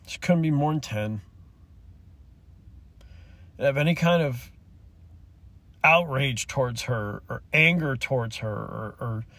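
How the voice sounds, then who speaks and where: A man hosting a solo rant, talking in an impassioned, rambling way, swearing and choking up as he goes. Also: fairly high pitch. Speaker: podcast host.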